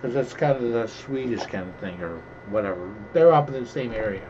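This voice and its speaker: A man's voice: medium pitch, lively intonation, brisk, a little mellow. A middle-aged man opening packs of cards in casual, rambling commentary with jokey asides, recorded at home. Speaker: host opening card packs. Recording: dull lo-fi home recording with faint hiss.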